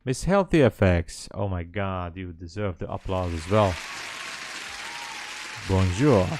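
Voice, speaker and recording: A man's voice: low-pitched, animated, normal speed, crowd noise, background noise. A man hosting a live trading stream, chatting casually and hesitantly with viewers in a rambling way. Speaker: livestream trading host.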